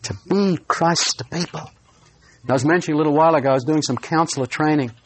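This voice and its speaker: Preacher guy, kinda high voice, earnest, slows right down on the big lines. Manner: earnest storytelling with slowed emphatic phrases. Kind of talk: personal testimony sermon.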